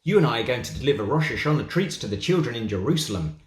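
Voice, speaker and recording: A proud, boastful train engineer from a children's storybook, as a man reading aloud puts him on. He sounds cheerful and pleased with himself, and his voice swings up and down with lively pitch. The sound is roomy, with a clear echo. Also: fast, slight background noise, close to an everyday voice. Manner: cheerful, bragging.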